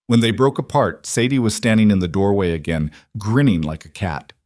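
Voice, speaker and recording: A man narrates a western story in an even, scripted manner. His voice sits low, and the recording is dry and close with no room sound. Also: moderate pace, no room sound.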